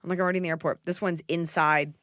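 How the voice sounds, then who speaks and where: A middle-aged woman hosting a podcast, giving blunt, jokey advice in a casual, animated way. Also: on the low side, very fast, no echo, studio quality. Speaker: podcast host.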